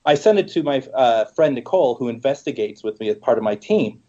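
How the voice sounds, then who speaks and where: A man's voice: medium pitch, lively intonation, a little fast, mellow. A man co-hosting a podcast, telling an anecdote in a casual, hesitant way. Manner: hesitant, lots of uh fillers. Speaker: co-host. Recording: dull lo-fi audio.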